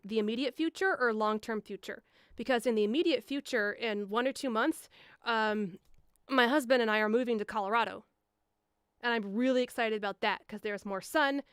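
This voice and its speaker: A young woman voice actor chatting on a live stream, rambling casually with lots of fillers and bursting into higher voices to act out quoted lines. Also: normal speed, fairly bright tone, clear, resonant tone, no echo, studio quality. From Milwaukee area. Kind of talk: casual live-stream chat answering viewers. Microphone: studio mic, a foot away.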